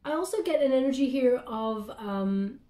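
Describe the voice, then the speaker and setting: A woman's voice: high voice, lively intonation, moderate pace, dark tone. A woman giving a casual spoken tarot reading, chatty and meandering, often checking in with her listener. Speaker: tarot card reader. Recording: roomy echo.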